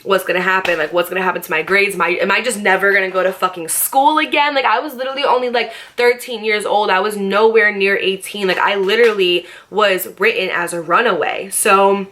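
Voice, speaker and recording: A woman's voice: mid-range voice, fairly quick, few pauses, fairly bright tone. A young woman in a casual storytime vlog, chatty and profane, with a lot of "like". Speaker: vlogger.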